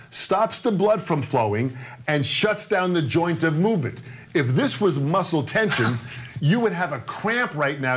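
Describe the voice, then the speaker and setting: A man in his sixties teaching a live-streamed drum lesson, coaxing and joking as he repeats his instructions. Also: high voice. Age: 60s.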